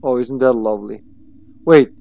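A man's voice: medium pitch, moderate pace, vocal fry, warm tone. Chatty swearing game streamer, man. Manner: chatty, swears freely, talks to chat. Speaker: livestream gamer. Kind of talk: casual live gameplay commentary.

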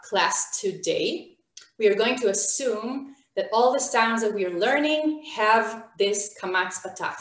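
A woman's voice: mid-range voice, fairly bright tone, echoey room. Encouraging woman teaching online. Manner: encouraging, questions students by name. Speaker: Hebrew teacher. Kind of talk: online beginner language class.

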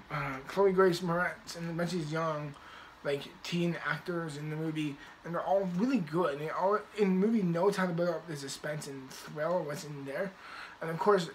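A man's voice: a little high, slight background noise, poor audio. A man casually reviewing movies in a rambling way, with many restarts and the odd swear word.

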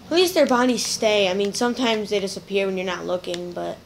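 Playing through a game, this woman keeps up a chatty, playful running commentary aimed at her viewers. She speaks briskly at a medium pitch with a creaky quality, and the rough recording has slight background noise.

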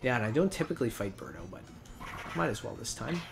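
A man hosting a let's play, calmly explaining his moves as he plays. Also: medium pitch, fast, vocal fry, soft background music. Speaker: host playing a video game.

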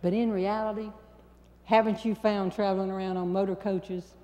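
An older woman with a North Carolina Southern accent, telling a comic story on stage in an animated, drawling way. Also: medium pitch, moderate pace. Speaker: humorist. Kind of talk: stand-up storytelling. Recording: hall with long reverb.

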